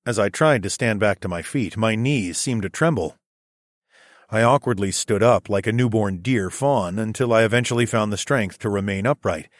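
Male first-person audiobook narrator, lowish steady voice, dry booth sound. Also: moderate pace, dry recording.

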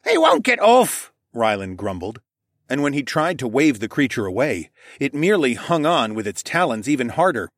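A man reading an audiobook in first person, with expressive storytelling. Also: mid-range voice, normal speed, dry recording, studio quality. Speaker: audiobook narrator.

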